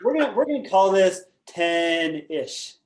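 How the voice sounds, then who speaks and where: A man's voice: high-pitched, sing-song, unhurried, a little mellow. Man host in an echoey room. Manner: eager, stumbling restarts. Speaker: interview host. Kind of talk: call interview.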